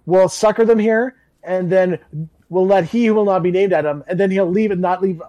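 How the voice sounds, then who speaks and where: A man's voice: high-pitched, steady tone, normal speed, dark tone, dry recording, lo-fi sound. A man co-hosting a casual movie podcast, sarcastic and wisecracking. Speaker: podcast co-host. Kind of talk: casual movie watch-along chat.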